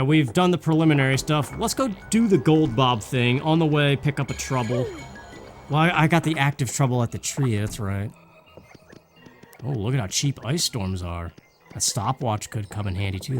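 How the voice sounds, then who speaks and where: A young man chatting casually through a video game, rambling and thinking aloud as he plays. His pitch moves in a lively way at a middling level. Game music plays clearly behind him. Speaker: let's play host. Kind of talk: casual gameplay commentary.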